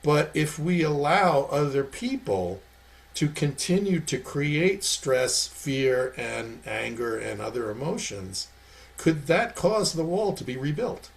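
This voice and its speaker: A man's voice: a little high, very animated, slow, vocal fry. A man hosting a podcast interview, talking emphatically and throwing in rhetorical questions. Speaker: podcast host. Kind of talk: casual interview chat.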